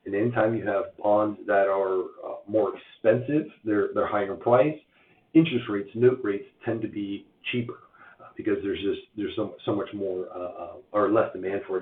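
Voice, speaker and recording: A man with a hoarse voice from losing it, giving a chatty live-stream update on mortgage rates, full of uhs and restarts. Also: on the low side. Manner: chatty, filler-heavy, many uhs and restarts. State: hoarse, lost voice. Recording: tinny phone-like sound in an echoey room.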